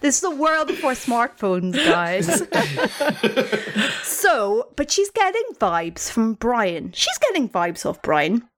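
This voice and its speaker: High, animated woman telling a story. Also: takes it slowly, slight background noise. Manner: playful, dramatic storyteller. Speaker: podcast co-host. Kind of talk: casual storytelling chat.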